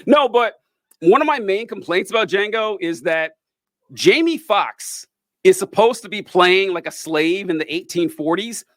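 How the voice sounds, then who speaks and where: A man's voice: sits high, animated, unhurried, a bit bright, dry recording. A man co-hosting a casual chat about a movie, rambling and swearing freely with frequent laughs. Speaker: podcast co-host.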